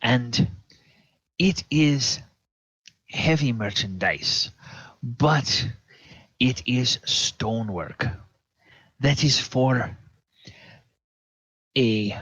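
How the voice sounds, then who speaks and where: A man voicing a haughty, demanding female dragonborn merchant with a thick accent, speaking in a measured, insistent way. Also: medium pitch, dry recording, dull audio.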